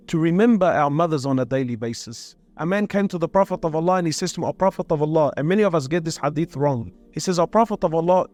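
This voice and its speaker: A man's voice: on the high side, a little mellow. A man giving an earnest, emotional sermon-style talk, repeating phrases for emphasis. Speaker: Muslim speaker.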